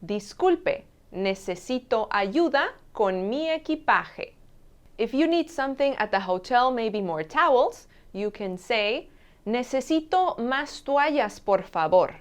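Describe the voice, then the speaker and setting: Slow, lively-voiced woman teaching Spanish. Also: on the high side. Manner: repeats each phrase slowly and clearly. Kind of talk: language lesson, modeling phrases.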